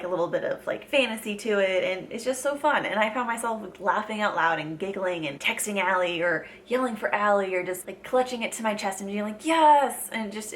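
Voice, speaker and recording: A woman's voice: medium pitch, a bit bright, a little hiss or hum. A young woman talking casually to camera as a book vlogger, gushing and chatty with lots of fillers.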